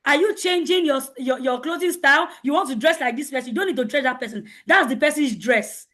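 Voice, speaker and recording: Woman coach, high voice, loud and emphatic, repeats lines to drive them home. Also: fairly quick. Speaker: coach speaking at a teen conference. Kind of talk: motivational lecture.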